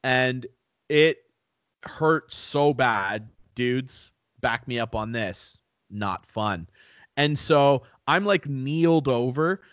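A man's voice: mid-range voice, expressive, extremely slow, fairly bright tone, clear, resonant tone, no echo. A young man telling a story in casual chat, laid-back, swearing often and laughing at himself.

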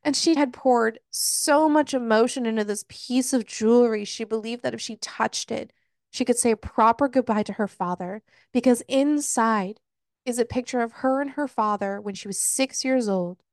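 A woman co-hosting a casual book podcast, retelling a plot with lots of swearing and quick put-on quotes of the characters. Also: on the high side, dry recording, clean studio sound. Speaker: podcast co-host. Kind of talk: casual book-review chat.

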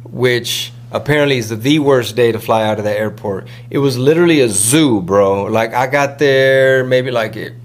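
Man, podcast host, casual chat, slangy, rambling, quick mocking impressions. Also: medium pitch. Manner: rambling, slangy, mimics people in quick asides.

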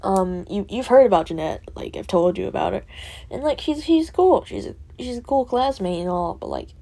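A teenage girl venting in a rambling, laugh-filled way, with many fillers and curse words, dropping to a soft whisper at times. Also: mid-range voice, animated, normal speed, creaky. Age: teens. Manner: rambling, full of fillers and swearing, laughing often. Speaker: student vlogger. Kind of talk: rambling personal vent.

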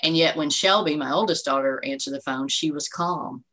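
Low-voiced woman sharing her faith testimony. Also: moderate pace, a bit bright, rough recording. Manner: earnest, faith-filled storytelling with frequent "you know". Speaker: guest, bereaved mother. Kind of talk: emotional personal testimony.

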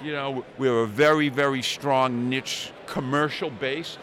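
A man's voice: medium pitch, measured pace, hardly any pauses, pushed and bright. A man in his sixties, a small business owner, chatting casually and telling anecdotes, swearing now and then. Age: 60s. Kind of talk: casual storytelling chat. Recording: outdoor crowd chatter behind.

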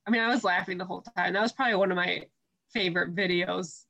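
A woman hosting a casual chat, enthusiastic and quick to laugh. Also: lowish voice, steady tone, gravelly, a bit bright.

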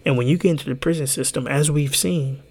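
A young man co-hosting a podcast, telling stories in a casual, animated way, swearing freely and laughing as he goes. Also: on the high side, fast, breathy edge. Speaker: podcast co-host. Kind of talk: casual storytelling.

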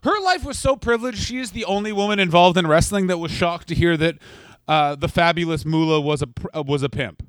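Ranting sardonic man, fairly high voice. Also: fairly quick, a bit bright, no room sound. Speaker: podcast co-host. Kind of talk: casual comedy podcast banter.

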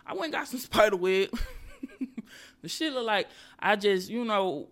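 A woman hosting a podcast, delivering a casual comedic monologue full of profanity and animated ranting, and speaking straight to her viewers and listeners. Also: mid-range voice, moderate pace. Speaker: podcast host.

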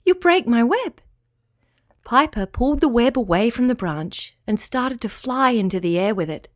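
A woman reading a children's bedtime story aloud in a soft, slow, soothing way. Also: a little high, expressive, no echo, studio quality.

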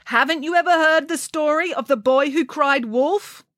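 Bossy young male doctor, voiced by a woman in a storybook read-aloud: high, barking, commanding. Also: moderate pace, fairly bright tone, no echo, clean studio sound. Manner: barking orders. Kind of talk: storybook reading.

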